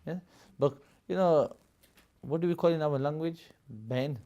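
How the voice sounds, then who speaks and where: His voice sits on the high side with a dark tone, and he keeps a measured pace. As a religious studies teacher in a live classroom, he gives long explanations, laughs frequently, and asks "Yes?" and "Yeah?" to check on his students.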